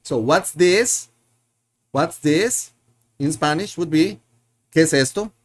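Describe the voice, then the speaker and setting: A man's voice: on the high side, takes it slowly. A man teaching a live online Spanish lesson, patiently repeating words and drilling his learners, often correcting himself as he thinks aloud.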